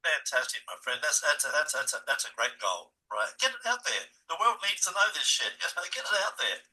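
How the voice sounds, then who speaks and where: A man in his seventies with a bright, forceful voice, animated and chatty. He hosts a podcast interview and keeps calling his audience guys. He sits a little back from the mic, with a slightly higher pitch than most men. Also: brisk, recorded from a distance, low-quality recording. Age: 70s. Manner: animated storyteller, addresses listeners as guys. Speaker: podcast host. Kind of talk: casual interview chat.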